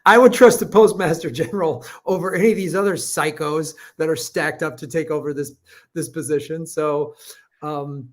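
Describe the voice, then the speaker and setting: A man's voice: a little high, steady tone, normal speed. A man co-hosting a podcast, easygoing and jokey, often laughing. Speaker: podcast co-host. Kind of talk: casual podcast chat.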